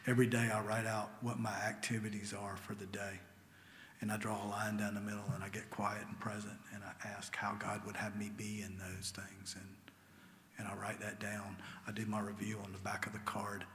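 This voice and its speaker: A man's voice: fairly low pitch, monotone, moderate pace, a bit bright. A man telling an emotional recovery story to a meeting in a church hall, sometimes dropping to a near whisper. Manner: earnest and emotional, drops to a near whisper at tender moments. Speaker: AA meeting speaker. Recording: long hall reverb with faint ambient noise.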